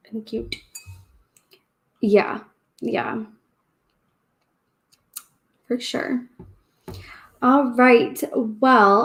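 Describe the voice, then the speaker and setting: A woman hosts a relaxed reading livestream, chatting in a loose, rambling way and often breaking into laughs. Her voice sits a little high, and she takes her time over every sentence. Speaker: book channel host. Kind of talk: casual livestream chat.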